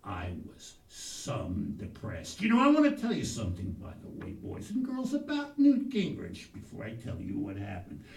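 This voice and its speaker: A man spinning a folksy comic monologue, his high voice jumping all over and turning gravelly, with bursts of shouting. It sounds like it was caught in a roomy space from a mic well off. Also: huge pitch swings, fairly quick, few pauses, recorded from a distance. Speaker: comic host in a persona.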